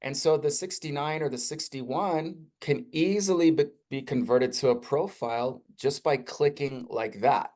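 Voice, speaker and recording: A man presenting a live webinar software demo in an energetic, conversational sales style. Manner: energetic, conversational salesy pitch with rising emphasis.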